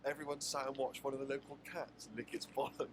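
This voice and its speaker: A man reading his diary aloud in a deadpan, matter-of-fact way. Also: medium pitch, quick pace. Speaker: diary writer reading on a radio show. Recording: clip with clear background noise.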